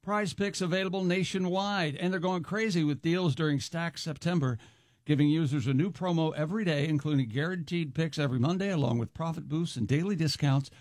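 A man co-hosting a podcast, reading a sponsor ad in an upbeat, brisk way. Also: fairly high pitch, a little mellow, no echo, studio quality. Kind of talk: read sponsor ad.

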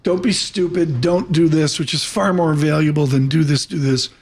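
High-voiced chatty host. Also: male voice, steady tone, normal speed. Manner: rambling, chatty. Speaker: show host. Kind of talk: live broadcast banter.

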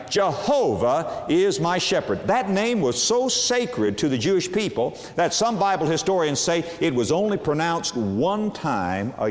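Man preaching in a reverberant hall. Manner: emphatic, with sweeping pitch swings and drawn-out words. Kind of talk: sermon.

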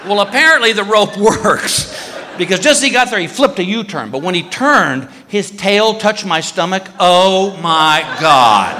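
A man doing a stand-up comedy routine, telling a story with lively shouts and voices. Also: high voice, a little slow, a faint crowd. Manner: animated storytelling, many put-on shouts. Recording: live club with long reverb and faint noise.

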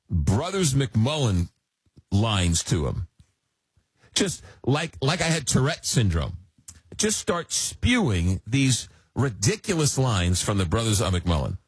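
A middle-aged man from Long Island hosting a radio talk show, telling stories in a rambling, animated way. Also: on the low side, breathy edge, no room sound. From Long Island, New York. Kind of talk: casual radio chat.

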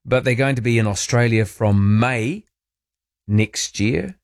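A man's voice: mid-range voice, takes it slowly, no room sound, studio quality. A man with a New Zealand accent hosting morning radio, chatting about the news with a joking, wry manner. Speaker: radio host. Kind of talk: casual morning radio chat.

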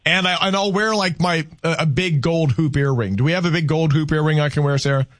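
A man's voice: fairly high pitch, brisk, no echo. A man hosting a call-in radio talk show in a studio, chatting casually and rambling with self-deprecating humor. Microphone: studio mic.

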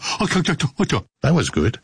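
Lively, slow-talking man hosting a radio show. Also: on the high side, gravelly, slightly rough, dry recording, studio quality. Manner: joking, laughing, breaks into sing-song. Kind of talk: playful studio banter and storytelling.

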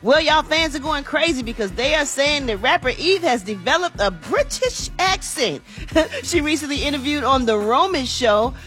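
Brief: woman radio host, celebrity news, folksy chatter, slightly high voice, faint music bed. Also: lively intonation, moderate pace, fairly bright tone. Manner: chatty, folksy, says y'all and honey. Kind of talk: radio morning show segment.

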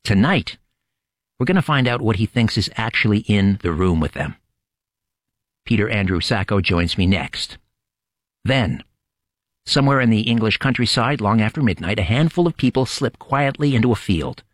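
A man hosting a late-night radio show, opening with dramatic, measured storytelling narration. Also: lowish voice, lively intonation, no room sound, clean studio sound.

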